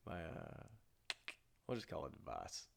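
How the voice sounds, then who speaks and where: A man's voice: a bass voice, wildly swooping pitch, unhurried, creaky. Rambling Texan man, casual podcast chat. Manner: rambling, restarts a lot, laughs easily. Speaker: podcast co-host.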